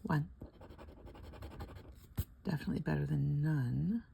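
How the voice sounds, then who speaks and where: A woman's voice: low voice, takes it slowly, gravelly, warm tone, a little hiss or hum. An older woman chatting casually at home while scratching lottery tickets, rambling, laughing often and murmuring letters half under her breath.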